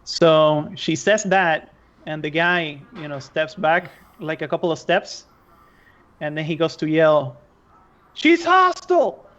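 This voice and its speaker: A man's voice: a little high, steady tone, measured pace, a bit bright. A man narrating a tabletop game as game master, hesitant with many fillers. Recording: dull lo-fi stream audio.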